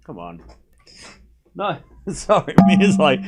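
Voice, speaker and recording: A man hosting a live tennis watchalong stream, calling points play-by-play and bantering sarcastically with chat, swinging from muttered score updates to shouted calls. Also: on the high side, sing-song, a little slow, pauses often, slightly rough.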